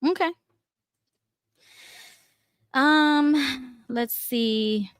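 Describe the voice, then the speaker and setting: Casual co-host: a woman with a higher voice, talkative and quick to laugh, recorded dry and close. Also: clean tone, no room sound. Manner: chatty, laughs often, reads viewer comments. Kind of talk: casual political chat.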